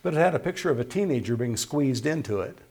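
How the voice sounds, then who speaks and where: A man preaching a folksy sermon who rises loud on scripture, his voice tiring. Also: mid-range voice, expressive, quick pace. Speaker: pastor.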